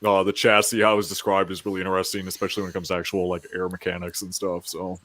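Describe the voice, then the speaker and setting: A man's voice: deep voice, level tone, fast talker, background noise. A man who designs miniatures, a guest on a podcast, talking in an easygoing, friendly way. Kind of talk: casual podcast chat.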